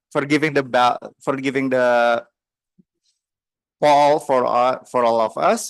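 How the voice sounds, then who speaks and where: A man with an Indonesian accent running a speaking club meeting, introducing the next role with halting restarts. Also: mid-range voice, clear, resonant tone, no echo. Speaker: meeting host.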